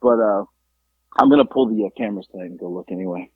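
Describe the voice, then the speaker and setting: On a tinny, phone-like recording with no echo, a podcast co-host talks fast in a low-pitched, creaky, slightly rough voice. He tells a story in casual conversation, animated as he acts out the people he quotes, swearing along the way.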